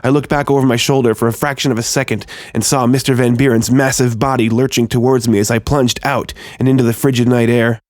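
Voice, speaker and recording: A man narrating a first-person horror story in a tense, steady storytelling manner. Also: mid-range voice, quick pace, few pauses, no echo, clean studio sound.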